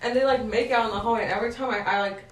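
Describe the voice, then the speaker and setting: A woman's voice: a little high, steady tone, rapid-fire, recorded from a distance, slight background noise. A teenage girl chatting casually with her siblings, rambling with many likes and restarts and giggling often. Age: teens. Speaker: podcast co-host. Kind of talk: casual chat between siblings. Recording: echoey room, a bit off-mic.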